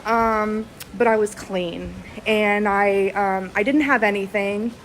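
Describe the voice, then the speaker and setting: A woman in her thirties, talking earnestly and haltingly with many pauses and fillers, close to tears. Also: medium pitch, fairly even intonation, a little hiss or hum, low-quality recording. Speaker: vlogger. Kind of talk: casual reflective video to friends.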